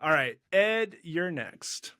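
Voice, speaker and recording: A man's voice: a little high, sing-song, sharp tone, no room sound. Dry-sounding man hosting comedy banter. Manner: brisk, calls on each comic in turn, quick approving quips. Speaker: host. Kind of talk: casual comedy podcast banter.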